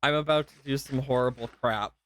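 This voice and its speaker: A man's voice: medium pitch, brisk, a bit bright, no room sound. A young man livestreaming a game, emotional and gushing, rambling with self-interruptions and repeated thanks. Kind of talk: live gameplay stream chat.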